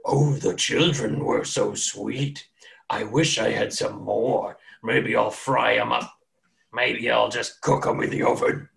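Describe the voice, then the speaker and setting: A man playing a slow, gloating giant. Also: mid-range voice, fairly even intonation, vocal fry, fairly bright tone, exaggerated voice. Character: hungry weird male giant, menacing and giggly.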